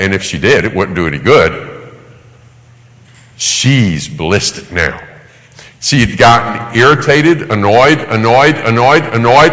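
A man's voice: fairly low pitch, expressive, unhurried, long pauses, a bit bright, in a large hall, low-quality recording. A man preaching a sermon, emphatic and repeating words for effect.

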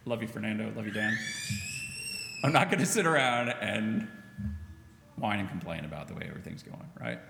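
A man preaching a sermon as pastor, in a conversational, animated style, acting out what people say. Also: on the low side, brisk, gravelly, long pauses, background noise. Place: church sanctuary. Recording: echoey church hall, faint ambience.

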